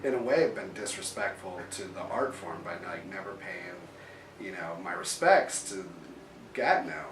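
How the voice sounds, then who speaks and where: A man's voice: deep voice, animated, moderate pace, background noise. A man telling a personal story in a casual, rambling way, full of "like" fillers and restarts. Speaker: interviewee telling his story. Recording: roomy echo, mic at a distance.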